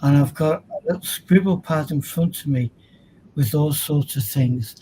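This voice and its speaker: A man appearing as a guest on a chat show, speaking slowly, earnestly and appreciatively. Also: a little high, mellow, a little hiss or hum, poor audio. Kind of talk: casual chat.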